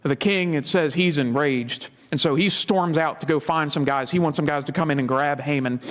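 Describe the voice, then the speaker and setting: High-voiced pastor retelling scripture. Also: male voice, normal speed, a bit bright. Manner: storytelling, dramatic retelling of scripture; conversational asides. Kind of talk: sermon.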